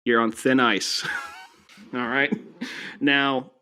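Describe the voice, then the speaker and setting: A man co-hosting a casual podcast, tearing into a film with sarcasm. He laughs often and drops into mocking voices to quote lines. His pitch sits in an ordinary middle range. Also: steady tone, extremely slow, bright, forceful tone, clear, resonant tone. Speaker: podcast co-host. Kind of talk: casual movie discussion.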